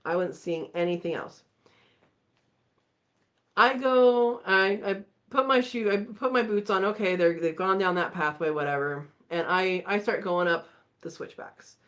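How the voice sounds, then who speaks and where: A woman hosting a live chat, telling a story in a casual, animated way and acting out the voices. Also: mid-range voice, unhurried, muffled recording. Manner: animated, acts out voices in her stories. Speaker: channel host.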